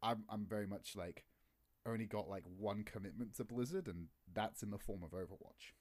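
A man's voice: moderate pace, darkish tone. A man chatting casually about esports, laughing easily and acting out remembered conversations. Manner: chatty, laughs easily, acts out quotes with a higher voice. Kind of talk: casual podcast chat.

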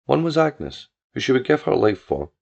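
Guy reading a story aloud, gravelly, muffled lo-fi sound. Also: mid-range voice, very animated, normal speed, darkish tone. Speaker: narrator. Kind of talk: storybook narration. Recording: dull lo-fi audio.

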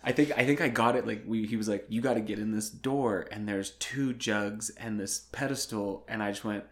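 A man's voice: fairly low pitch, fairly even intonation, normal speed. A man co-hosting a movie podcast, chiming in with wry, joking asides. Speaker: podcast co-host. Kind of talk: casual movie recap chat.

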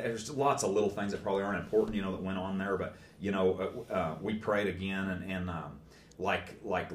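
A guest with a very low, deep male voice tells a long story in casual spoken fashion, plainspoken and rambling, with many folksy turns of phrase. The sound is roomy, with a faint hiss underneath.

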